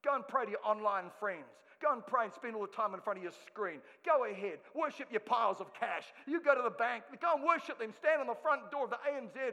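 A man voicing a mocking, exasperated God in a sarcastic, shouting manner, with long reverb behind him. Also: very high-pitched, very animated, moderate pace, few pauses, heavily acted.

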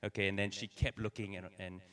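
A man preaching a sermon, telling personal stories in an animated way and acting out the dialogue. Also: on the low side, fast. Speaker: pastor. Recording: voice somewhat distant from the mic.

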